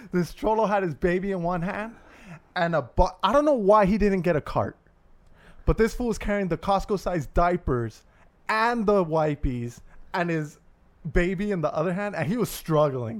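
A man's voice: sits high, moderate pace. A man co-hosting a casual podcast, telling funny stories while laughing and saying "dude" constantly. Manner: laughing, animated, says "dude" a lot. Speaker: podcast co-host. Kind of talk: casual chat, storytelling.

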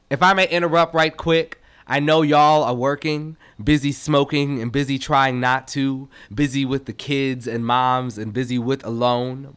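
A man reading his own poetry aloud, with an expressive, rhythmic delivery that rises and falls in loudness. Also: medium pitch, smooth.

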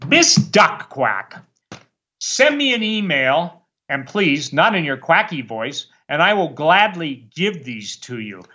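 A man's voice: on the high side, very animated, takes it slowly, bright, forceful tone, highs cut off. A man speaking as a guest preacher on a talk show, worked up and fiery, rambling with many restarts. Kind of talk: impassioned talk-show monologue.

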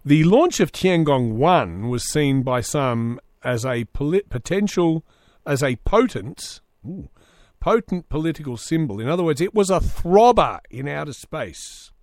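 Sarcastic rambling man with a lively voice. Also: a little high, unhurried, no echo, clean studio sound. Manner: sarcastic rambling commentary, reading news aloud with asides. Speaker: podcast host. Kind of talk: solo comedic podcast monologue.

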